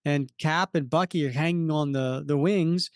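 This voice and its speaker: A man's voice: on the high side, normal speed, clear, resonant tone, no room sound, clean studio sound. A man co-hosting a casual comic book podcast, walking through the panels unhurriedly with many fillers. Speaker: podcast co-host.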